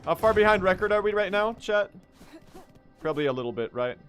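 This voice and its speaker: A young man commentates his live speedrun in a loose, casual way. He swears freely and keeps talking to his chat, his voice sitting a bit high for a man. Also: expressive, brisk, a bit bright, faint music behind. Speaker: streamer speedrunning a game.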